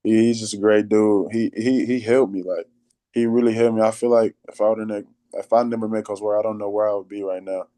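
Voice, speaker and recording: A man's voice: fairly low pitch, fairly even intonation, fast, dark tone, dry recording. A young man, giving plain-spoken interview answers and repeating himself. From Texas. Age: late teens. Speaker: high school basketball player.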